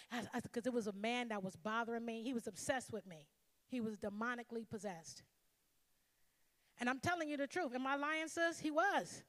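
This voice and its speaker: High, bright-voiced woman preaching. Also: a little fast, in a large hall. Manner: emphatic, call-and-response with the congregation. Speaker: pastor. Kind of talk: sermon.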